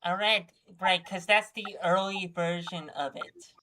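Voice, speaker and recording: Woman cohost on stream, lowish voice, talks slow, giggly and playful. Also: bright, forceful tone, a little hiss or hum. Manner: playful banter, giggles a lot. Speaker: co-host of a reading stream. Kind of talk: casual chat.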